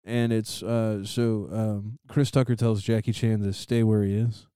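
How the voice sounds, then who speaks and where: A man's voice: lowish voice, steady tone, measured pace, warm tone, clear, resonant tone, no echo, clean studio sound. A young man telling rambling stories in a casual chat with friends, laughing often.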